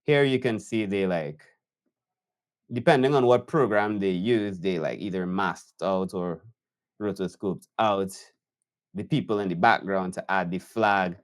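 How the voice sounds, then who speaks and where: A man reacting to a video as an editor, unhurried and admiring as he talks through the choices. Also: low-pitched. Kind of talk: reaction commentary.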